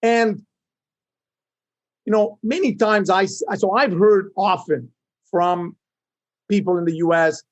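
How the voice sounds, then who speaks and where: A man's voice: high voice, slow, long pauses. A middle-aged man from Canada, an entrepreneur guest in an interview, talking emphatically and often seeking agreement. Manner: emphatic, animated, seeks agreement with "right?". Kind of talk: interview conversation.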